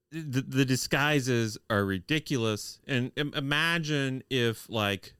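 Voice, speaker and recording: Man, podcast co-host, wry recap, deadpan nitpicking, smooth voice, lowish pitch. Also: dry recording, clean studio sound. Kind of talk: casual chat reviewing a TV episode.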